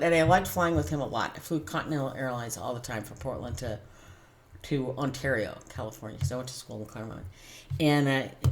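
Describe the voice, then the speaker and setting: A middle-aged American woman telling a personal story in casual, animated fashion, with frequent laughs and restarts. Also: sits low. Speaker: tarot channel host.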